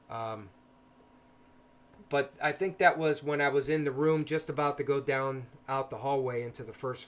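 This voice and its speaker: A man hosting a casual livestream, talking softly and hesitantly with frequent pauses and fillers, greeting chat viewers between stretches of explanation. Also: mid-range voice. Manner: soft-spoken, hesitant with many ums. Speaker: paranormal livestream host.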